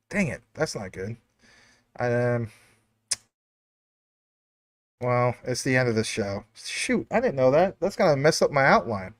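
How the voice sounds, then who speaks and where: A man with a medium-pitched, fairly bright voice hosts a casual crypto livestream, reading out viewer comments. He rambles, packs his speech with fillers, and drifts into chatty asides. There's no room sound on the recording.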